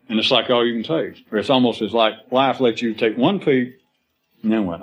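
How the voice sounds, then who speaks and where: A man's voice: medium pitch, lively intonation, brisk, fairly bright tone, breathy edge, highs cut off, soft background music. A man speaking to a live audience in a rambling, philosophical way, acting out quoted voices and laughing as he goes.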